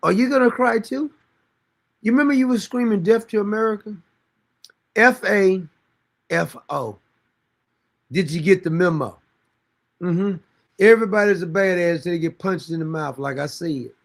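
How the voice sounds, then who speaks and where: A man's voice: high voice, normal speed, pauses often. A man hosting a commentary stream, reacting to news clips in a sarcastic, mocking, slangy way. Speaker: commentary host.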